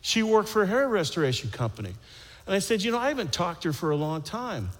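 A man preaching a sermon, telling a personal story with playful quoted voices, then turning slow and solemn. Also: sits high, very animated. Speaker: pastor. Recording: long hall reverb.

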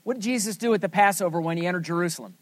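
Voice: mid-range voice, very fast, no room sound. A Bible study teacher leading a scripture lesson, asking the group questions and then answering them with emphasis.

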